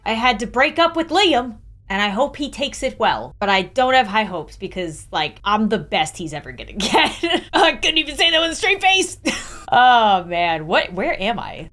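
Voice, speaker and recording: A woman's voice: mid-range voice, a bit bright. A young woman giving joking, self-mocking commentary on a video game as she plays, laughing often. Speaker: gaming YouTuber.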